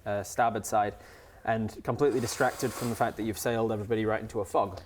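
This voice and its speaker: A man narrating a tabletop game as game master, relaxed and chuckling, with many fillers. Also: on the low side, fast, slight background noise.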